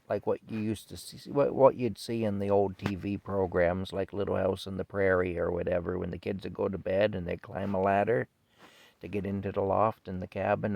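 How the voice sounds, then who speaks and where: Folksy male storyteller, lowish voice, casual and rambling. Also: gravelly, a little mellow, no room sound. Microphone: camera mic.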